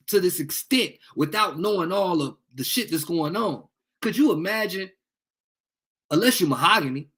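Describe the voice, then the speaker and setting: A man's voice: high voice, fairly bright tone. A young man on a heated livestream rant, angry and profane, taunting commenters. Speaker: livestream host.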